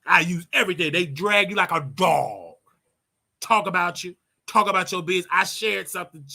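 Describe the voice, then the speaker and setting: Blunt high-voiced man ranting advice. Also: animated, moderate pace, creaky, bright, forceful tone. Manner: blunt, preachy, repeats his points for emphasis. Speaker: show host. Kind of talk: casual advice rant.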